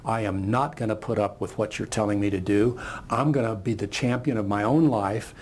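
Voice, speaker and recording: A man's voice: on the low side, moderate pace, darkish tone, a little hiss or hum, natural voice. A man voicing a defiant male lion that refuses to obey and wants freedom. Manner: defiant, firm.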